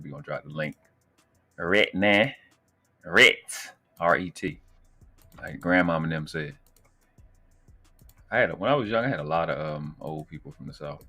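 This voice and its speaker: A man's voice: rumbling low, fairly bright tone. A man with a Baltimore accent hosting a live stream, talking loose and profane, rambling with slang. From Baltimore, USA. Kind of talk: casual live stream commentary.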